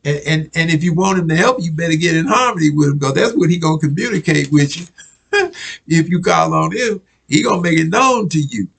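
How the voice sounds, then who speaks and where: A man preaches a casual sermon, reading news clippings aloud and repeatedly asking listeners, "you follow me?" in a conversational way. His voice is on the high side, fairly bright and creaky, with lively intonation and a fairly quick pace, and he repeats himself and restarts words. The audio quality is poor.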